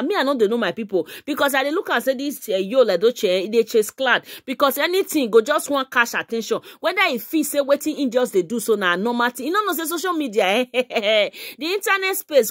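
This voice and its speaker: Animated Nigerian woman gossip vlogger. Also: sits high, dry recording, studio quality. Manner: exclamatory, laughs often, addresses viewers as "my people". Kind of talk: casual commentary vlog.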